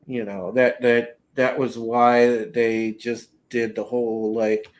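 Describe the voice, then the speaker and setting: A man co-hosting a podcast in casual chat, relaxed and full of fillers and repeated words. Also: mid-range voice, slow pace, noisy background. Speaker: podcast co-host.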